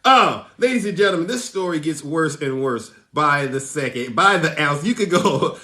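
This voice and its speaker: A man's voice: fairly high pitch, animated, moderate pace, hardly any pauses, sharp tone, echoey room. A man hosting a livestream, reading out news with theatrical teasing, laughing often and greeting viewers by name. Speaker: livestream host. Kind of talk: live commentary reading news.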